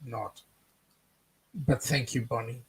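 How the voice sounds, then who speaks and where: Australian male co-host, gravelly voice, casual and jokey, reads comments aloud. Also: mid-range voice, normal speed. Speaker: co-host of a live chat stream. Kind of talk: casual live-stream chat reading viewer comments.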